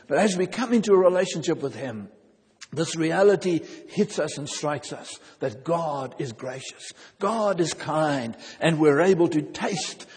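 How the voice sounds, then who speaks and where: A man's voice: a little high, darkish tone, in a large hall. A male pastor preaching a sermon, earnest and emphatic, repeating key phrases for weight.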